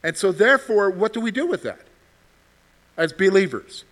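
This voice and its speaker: A man's voice: sits high, expressive, normal speed, fairly bright tone. A man leading a Bible study class as its teacher, asking the group questions and often checking in with "okay?". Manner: keeps checking in with "okay?", repeats phrases. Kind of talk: interactive class discussion.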